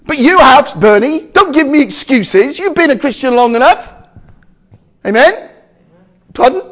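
A man preaching a sermon to a congregation, emphatic, with loud exclamations and quiet asides. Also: very high voice, expressive, a little slow.

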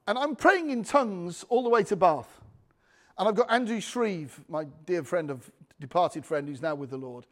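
A man preaching a sermon, telling a personal testimony with frequent restarts and calls for amen. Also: high-pitched. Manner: anecdotal, restarts often, calls for amens.

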